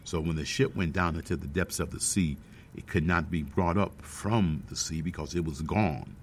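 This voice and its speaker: A man's voice: low voice, moderate pace, a little hiss or hum. A man preaching a sermon, emphatic, repeating key phrases and speaking to the congregation.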